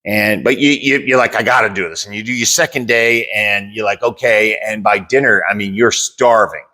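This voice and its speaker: A blunt man co-hosting a podcast with a somewhat low voice. He talks casually, swears freely and walks through everyday examples. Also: fairly even intonation, moderate pace, bright, forceful tone. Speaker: podcast co-host and gym owner. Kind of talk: casual chat.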